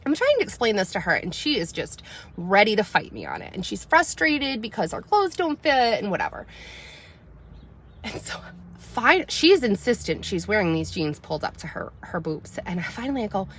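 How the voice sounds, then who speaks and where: A woman, casually telling a story to her livestream viewers, animated and loud when she quotes herself. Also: medium pitch, normal speed, slight background noise. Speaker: mom vlogger telling a story.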